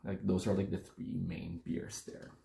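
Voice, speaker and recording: Casual vlogger, man, low, warm-toned voice, rambling and correcting himself. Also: level tone, unhurried, vocal fry, echoey room. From Philippines. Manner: chatty, rambling, self-correcting. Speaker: beer-tasting vlogger. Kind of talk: casual chat to camera. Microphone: phone camera.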